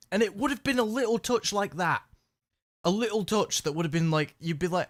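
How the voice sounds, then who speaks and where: Lively guy chatting, sarcastic, swears a lot. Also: high voice, brisk, no echo, clean studio sound. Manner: animated, mocking, swears freely. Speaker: host of the discussion. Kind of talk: casual chat.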